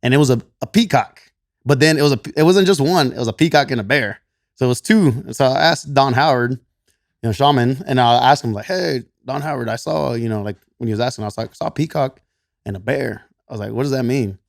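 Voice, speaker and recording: A man with a Texan twang and a medium-pitched voice talks fast as a podcast guest, casually telling a story. He's a gym coach who laughs often, swears, and quotes himself in animated voices, captured in clean studio sound with no echo.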